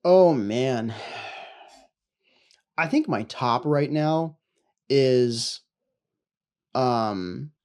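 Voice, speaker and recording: A man's voice: mid-range voice, lively intonation, drawn-out words, long pauses, a little mellow, smooth. Young guy on a podcast rambling about his tabletop character, lots of "like", medium voice. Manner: loose and rambling, many "like" fillers, swears casually. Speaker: podcast co-host, tabletop player. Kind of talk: casual chat about a tabletop campaign.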